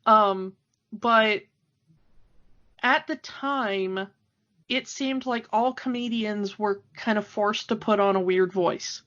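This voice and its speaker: A woman's voice: mid-range voice, takes it slowly, fairly bright tone. A woman co-hosting a podcast in casual chat, talking freely with frequent fillers and laughs. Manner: chatty, laughing often, many fillers. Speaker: podcast co-host. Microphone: home microphone, remote call. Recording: dull lo-fi audio.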